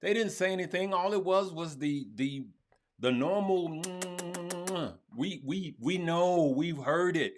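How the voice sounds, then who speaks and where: A man's voice: on the high side, normal speed, few pauses, a little hiss or hum. A man hosting a live stream on crypto, talking straight to his viewers and repeating his points. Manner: animated, talks to viewers as "good people", often repeats himself. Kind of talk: casual live-stream commentary.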